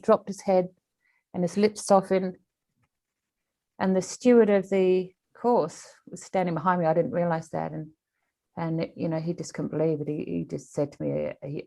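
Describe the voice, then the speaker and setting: Animated woman telling a story. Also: lowish voice. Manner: animated storyteller with many restarts. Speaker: animal communicator, interview guest. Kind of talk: storytelling in an interview.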